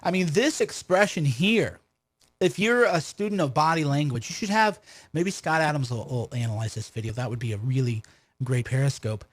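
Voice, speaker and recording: A man's voice: a little high, normal speed. A man hosting a livestream commentary, combative and full of rhetorical questions and restarts. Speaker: commentator and host of his own stream.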